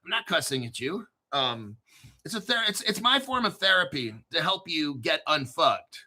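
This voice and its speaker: Male crypto host, high and very bright, cusses freely, hyped joking delivery, keeps clearing his throat. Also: big pitch swings, moderate pace. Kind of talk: excitable commentary reading crypto news.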